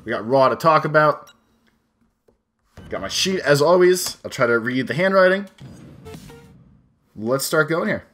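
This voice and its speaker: A man's voice: on the high side, lively intonation, unhurried, long pauses, a bit bright, soft background music. A man hosting a let's play, chatting casually and profanely while he plays, thinking aloud as he rambles. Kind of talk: casual commentary while gaming.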